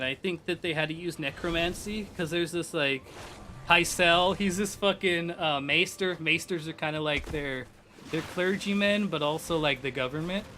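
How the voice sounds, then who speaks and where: Excitable swearing young male streamer. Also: high-pitched, noisy background. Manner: rambling, profane, excitable storytelling. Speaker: game streamer. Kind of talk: casual chat.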